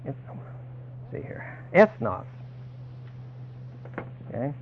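A man's voice: drawn-out words, highs cut off, slight background noise. A man preaching a sermon, emphatic and dramatic, voicing the people he quotes.

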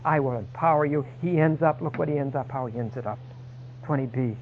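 A man's voice: on the high side, fast talker, narrow, tinny audio, slight background noise. A man preaching a sermon, emphatic and dramatic, voicing the people he quotes.

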